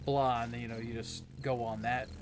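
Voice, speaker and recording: Rambling, laughing gaming host. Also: male voice, medium pitch, little pitch movement, brisk, a little hiss or hum. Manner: rambling and self-interrupting, with frequent laughter. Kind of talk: casual co-op gameplay chat.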